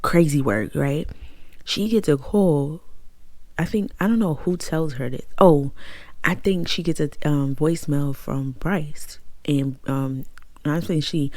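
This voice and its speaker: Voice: mid-range voice, measured pace, darkish tone, no room sound. A book reviewer giving a casual, gossipy, profane recap of a novel's plot, talking straight to viewers.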